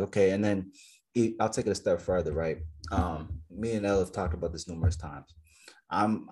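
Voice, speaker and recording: A man's voice: low voice, breathy edge. A man co-hosting a casual podcast, talking emphatically and asking lots of rhetorical questions. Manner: emphatic, animated storytelling with frequent rhetorical questions. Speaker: podcast co-host.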